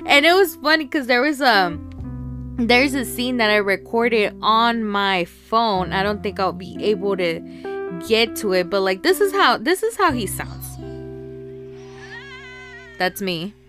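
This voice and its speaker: A woman talks her way through a casual solo podcast, rambling, laughing often and filling gaps with ums and likes. Her pitch sits in an ordinary middle range, and clear guitar music plays underneath her voice. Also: animated, a little slow. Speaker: podcast host.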